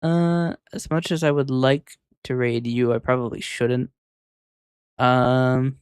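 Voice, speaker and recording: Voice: medium pitch, level tone, slow, clear, resonant tone, dry recording, studio quality. A VTuber streamer chatting casually on a live stream, rambling and hesitant, often muttering to themself.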